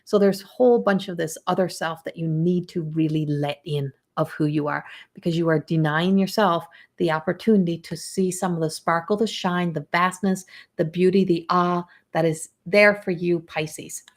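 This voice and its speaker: A woman's voice: fairly low pitch, fairly even intonation, moderate pace. A middle-aged woman, giving a live astrology reading in a chatty way, often repeating herself and acting out inner voices. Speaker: astrology reader.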